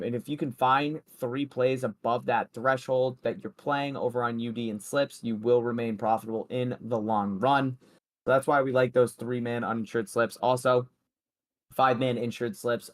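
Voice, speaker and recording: A man's voice: medium pitch, fairly even intonation, normal speed. A young man hosting a sports betting livestream, chatting loosely and joking with his co-host and the chat.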